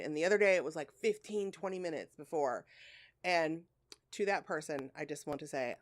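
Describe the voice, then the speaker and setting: A woman's voice: low-pitched, moderate pace. A woman co-hosting a podcast in casual chat, talking candidly and at length, swearing freely, with a sore throat. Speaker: podcast co-host.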